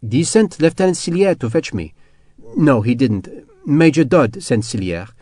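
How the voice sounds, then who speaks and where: A man voicing a shaken young French woman who speaks softly and sadly. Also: fairly high pitch, very animated, normal speed, no echo, clean studio sound. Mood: subdued.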